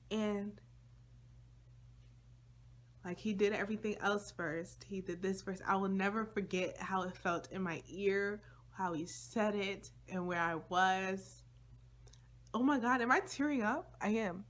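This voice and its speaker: Young woman, vlogger, casual storytime, slangy and chatty, fairly low pitch. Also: slight background noise. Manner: chatty, slangy, lively asides to viewers.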